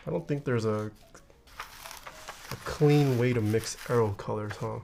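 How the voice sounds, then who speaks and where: Slow, easygoing man chatting on stream. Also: medium pitch, creaky, dark tone, a little hiss or hum. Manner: thinks aloud and reads viewer questions back. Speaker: keyboard builder streaming live. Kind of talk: casual live-stream chat.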